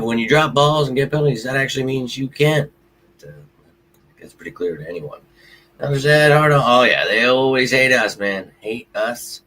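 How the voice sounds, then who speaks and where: Man, sports stream host, casual venting, swears, bright forceful voice. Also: mid-range voice, lively intonation, normal speed. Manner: frustrated, venting, profane. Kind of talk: casual livestream chat.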